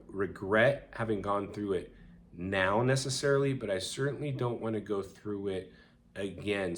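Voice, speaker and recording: A man's voice: on the low side, slight background noise. A man sharing a personal story with viewers in an earnest, conversational way, with frequent fillers. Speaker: vlogger.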